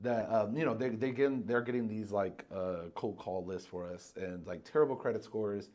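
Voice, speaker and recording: A man's voice: on the low side, steady tone, normal speed, a little mellow. A man guest casually telling a story on a podcast, acting out quotes and swearing freely.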